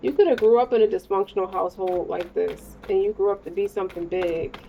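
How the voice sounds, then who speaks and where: A woman's voice: medium pitch, fairly even intonation, brisk, gravelly, mellow. A woman giving a casual tarot reading, rambling, slangy and profane, talking straight to the listener. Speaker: tarot reader. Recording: dull lo-fi sound with faint noise.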